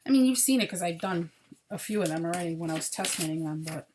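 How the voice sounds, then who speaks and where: A woman's voice: on the low side, expressive, fast talker, background noise. Tired, chatty woman crochet vlogger. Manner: chatty, apologetic, tired and yawning. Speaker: crochet podcast host. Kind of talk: casual chat about crochet projects.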